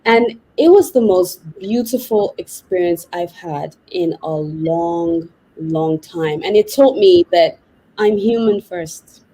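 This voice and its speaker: A woman psychotherapist, a podcast guest, telling a personal story in a lively, vivid way. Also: on the low side, slow, low-quality recording. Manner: animated, vivid retelling with laughs.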